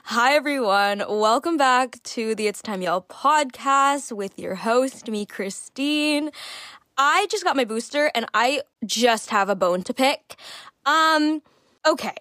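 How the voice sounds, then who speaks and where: A young woman in her twenties hosts her podcast, talking in a chatty, animated way as she tells a story. Her voice sits fairly high, and the recording is close and dry. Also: a little slow, no room sound. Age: 20s. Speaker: podcast host. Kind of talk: casual chat.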